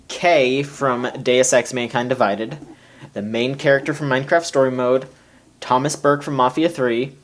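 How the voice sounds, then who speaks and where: A man moderating a casual panel discussion, keeping the list moving in a low-key way. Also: slight background noise. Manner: slow, organizing, low-key. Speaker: podcast moderator.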